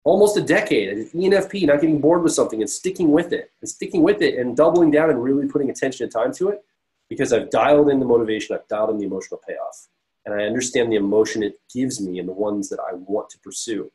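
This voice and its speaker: A man's voice: mid-range voice, quick pace, mellow, low-quality recording. A man who coaches on personality types, talking casually and earnestly, explaining his points through his own examples. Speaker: personality coach and podcast co-host. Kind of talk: casual advice talk to camera.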